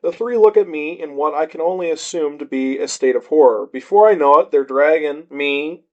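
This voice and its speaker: A man's voice: on the high side, moderate pace. A man reading a short story aloud in the first person with a wry, laid-back delivery, on a dull lo-fi recording.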